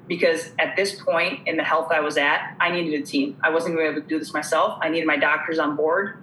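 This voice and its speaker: A woman's voice: low voice, steady tone, brisk, pushed and bright, reverberant, a little hiss or hum, low-quality recording. A woman guest telling her story earnestly, acting out the dialogue she quotes. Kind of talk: conversational storytelling.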